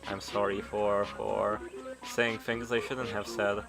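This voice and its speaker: A man's voice: lowish voice, level tone, takes it slowly, gravelly, voice pushed down. A man playing a timid, stammering young guy. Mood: nervous. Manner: hesitant, stammering, quiet. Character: timid frightened young man begging forgiveness. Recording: game music behind voice.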